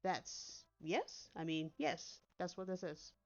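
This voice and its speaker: A woman's voice: on the low side, slow, muffled recording, voice pushed down. A woman voicing a brash young female fighting-game player, exasperated and emphatic.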